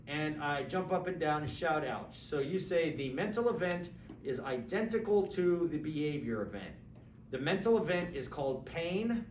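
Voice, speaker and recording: Man lecturing in a roomy classroom. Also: a little high. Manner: lively, conversational, acts out examples with asides to students. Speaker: philosophy lecturer. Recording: roomy, distant mic with faint background hum.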